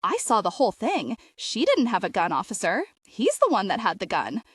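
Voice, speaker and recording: A woman voicing an anxious woman friend who pleads in a higher, louder voice. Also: huge pitch swings, normal speed, slightly rough, dry recording, clean studio sound, exaggerated voice. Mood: earnest.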